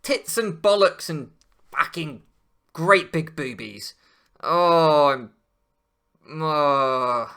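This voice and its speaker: A man ranting over a Pokémon match, switching between quiet muttering and loud swearing outbursts. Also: fairly high pitch, lively intonation, drawn-out words, long pauses. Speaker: Pokémon draft league player. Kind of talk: gaming commentary rant.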